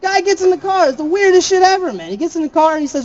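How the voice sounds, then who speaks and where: A man's voice: very high-pitched, animated, fast talker, hardly any pauses, a little mellow, muffled recording. A young man from Florida doing a stand-up set, laughing at his own jokes and throwing chatty asides to the crowd. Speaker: stand-up comedian.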